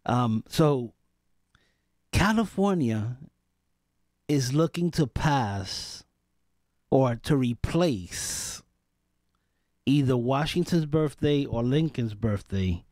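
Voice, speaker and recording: A man's voice: mid-range voice, lively intonation, slow, long pauses, darkish tone, dry recording. A man hosting a political talk radio show, venting in an exasperated, rambling way with frequent restarts and sighs, at a studio microphone.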